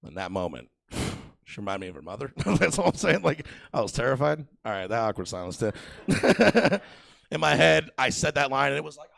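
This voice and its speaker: A man's voice: medium pitch, big pitch swings, a little fast, creaky, a bit bright. A young man performing a rambling, crude, self-mocking stand-up set on a comedy theater stage, working the crowd.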